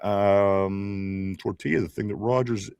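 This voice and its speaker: A man's voice: lowish voice, fairly even intonation, takes it slowly, vocal fry, darkish tone, smooth, no echo, dull audio. A man with a Pittsburgh accent hosting a casual sports talk show, reading viewer comments aloud, chatty, with frequent laughs and restarts. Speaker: podcast host reading live chat.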